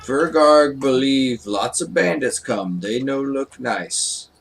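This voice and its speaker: A man's voice: mid-range voice, animated, takes it slowly, vocal fry, breathy edge, voice pushed up, exaggerated voice. A man voicing a brutish male warrior who talks in blunt broken grammar over an online voice call. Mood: urgent. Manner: broken simple grammar, loud and commanding.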